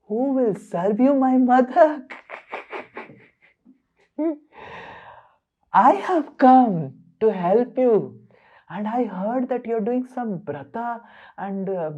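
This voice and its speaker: Man acting out a flattering young god, coaxing, syrupy, slightly raised voice, muffled sound. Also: high voice, pitched above the performer's own voice, full character voice. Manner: soft coaxing, hushed then pleading. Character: flattering young male god Indra, falsely devoted.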